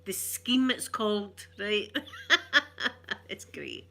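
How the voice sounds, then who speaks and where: A woman with a Glaswegian Scottish accent chatting casually, a rambling storyteller who laughs often and slips into soft asides. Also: mid-range voice, steady tone, a little slow. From Glasgow, Scotland. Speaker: ASMR vlogger. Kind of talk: casual chat.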